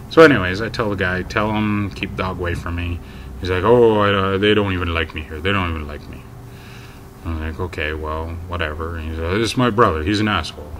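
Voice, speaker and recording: Deep voiced guy rambling thru an annoyed story, lots of ums, faint hiss behind. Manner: gets loud and high when quoting his own yelling. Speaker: vlogger. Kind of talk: casual storytelling to camera.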